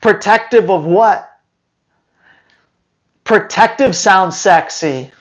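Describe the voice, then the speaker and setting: His voice sits high and his pace is slow. Running a dog training channel, this man fields viewer questions live, blunt and teasing and leaning heavily on rhetorical questions.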